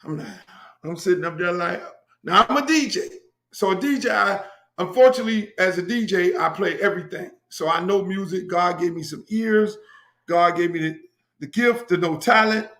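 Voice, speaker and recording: A man's voice: high-pitched, moderate pace, a bit bright, roomy sound. A middle-aged man from Miami hosting his own show, telling stories in a brash, profane, repetitive way. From Miami, USA. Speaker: host. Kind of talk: casual storytelling monologue.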